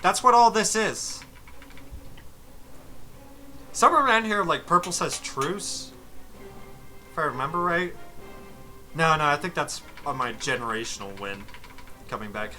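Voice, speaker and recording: A man's voice: a little high, big pitch swings, measured pace, pauses often, bright, forceful tone, faint music behind. A young man giving casual, exasperated commentary over his strategy game footage, swearing freely as he walks through a match. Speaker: gaming commentator.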